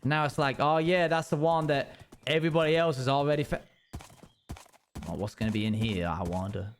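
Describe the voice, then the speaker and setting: A man's voice: fairly high pitch, a little fast, a little hiss or hum. A man streaming a game live, chatting with viewers and grumbling in playful mock annoyance.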